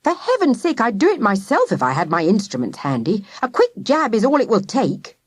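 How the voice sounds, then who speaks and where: A woman's voice: on the high side, wildly swooping pitch, fairly quick, husky, no room sound, clean studio sound, exaggerated voice. A woman reading the part of a harried, exhausted father, urgent and exasperated.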